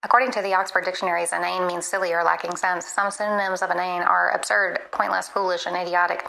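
A woman's voice playing an earnest, literal chatbot assistant in a comedy skit, polite and quick to apologize. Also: fairly low pitch, flat delivery, vocal fry, pushed and bright, slight background noise, heavily acted, poor audio.

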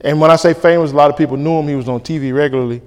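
A male pastor preaching a sermon, lively and colloquial, acting out back-and-forth dialogues. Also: on the high side, rapid-fire, clean tone. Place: church sanctuary. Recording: reverberant church hall.

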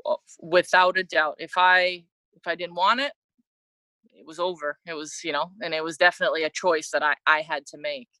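Bright-voiced Canadian woman telling her story. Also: sits low, fairly even intonation, a little fast, dry recording, rough recording. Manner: reflective, with frequent restarts and laughs. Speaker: interview guest, former soccer player. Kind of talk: candid conversational storytelling.

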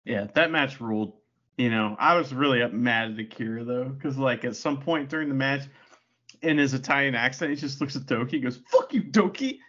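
A man co-hosting a casual podcast review, talking in an animated, jokey way with plenty of swearing. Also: medium pitch, a little fast, dull audio. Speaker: podcast co-host. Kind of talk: casual wrestling review chat.

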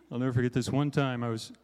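A man's voice: medium pitch, darkish tone, clean tone. A man delivers a sermon in a casual, joking way, tossing in frequent "right?" asides to the listeners. His voice sits in the middle of the male range. The sound carries a long reverb from a large hall. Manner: conversational, self-deprecating, frequent "right?" asides. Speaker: conference speaker.

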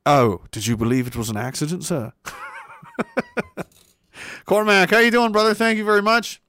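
A man's voice: high voice, fairly even intonation, moderate pace, pauses often, bright, forceful tone, no room sound. A man hosting a casual stream, cursing freely, laughing a lot and reading out viewers' messages at home. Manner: crude, swears freely, laughs often. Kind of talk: casual chat. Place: home setup with a webcam.

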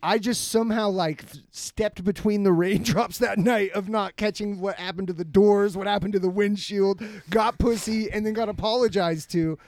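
A man's voice: sits high, steady tone, normal speed, few pauses, a little mellow, no room sound. Profane, laughing storyteller man. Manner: profane, laughing often, acts out quotes. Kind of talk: casual chat, storytelling.

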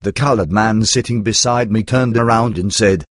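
A man narrating a first-person memoir in a measured, earnest storytelling manner. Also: on the low side, no room sound, studio quality.

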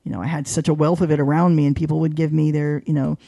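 A woman talking casually in an interview, with a gravelly edge and a mellow, dark tone. She is chatty and animated, full of fillers, and her pitch jumps whenever she acts out what other people said. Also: quick pace, no room sound, studio quality. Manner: voices quoted people with big pitch jumps. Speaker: guest, arts journalist.

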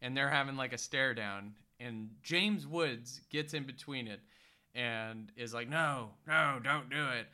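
A man's voice: medium pitch, unhurried, bright, forceful tone. A man co-hosting a podcast, recapping a bad movie in a profane, exasperated rant full of put-on quotes. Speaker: podcast co-host. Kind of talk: casual movie-recap chat.

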